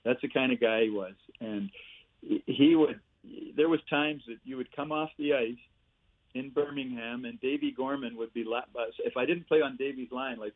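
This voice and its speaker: Older guy spinning hockey stories, tinny phone sound, dry, mid pitch. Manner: lively storyteller, chuckles through punchlines. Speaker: guest, former hockey player and coach. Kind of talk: casual anecdote-telling.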